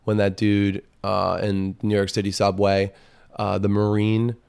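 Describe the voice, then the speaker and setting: A man's voice: lowish voice, monotone, unhurried, creaky, a little mellow, clean tone. Rambling, profane male podcast host. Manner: rambling and profane, crude jokes. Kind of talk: casual comedic monologue.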